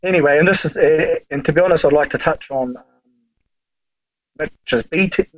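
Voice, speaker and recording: A man's voice: fairly high pitch, normal speed, dry recording, highs cut off. Laid-back man telling rambling stories. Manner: rambling, laid-back, swears freely, lots of fillers. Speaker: podcast guest. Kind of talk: casual storytelling chat.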